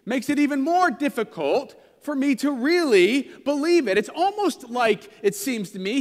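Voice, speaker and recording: A man's voice: sits high, fairly bright tone, in a large hall. A pastor in his thirties preaching a sermon in a conversational, self-deprecating storytelling way.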